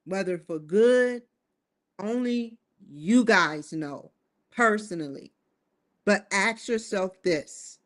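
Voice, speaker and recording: Woman vlogger, slow deliberate delivery, casual and reflective, addresses the audience directly. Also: medium pitch, animated. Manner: musing, addresses viewers directly with rhetorical questions. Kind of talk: casual talking-to-camera monologue.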